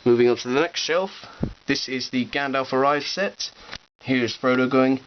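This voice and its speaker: A man's voice: mid-range voice, moderate pace. A man giving a chatty, upbeat show-and-tell tour of his collection at home, with playful asides. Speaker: toy collection vlogger. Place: room at home with display shelves. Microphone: cheap digital camera. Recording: dull camera audio with faint hiss.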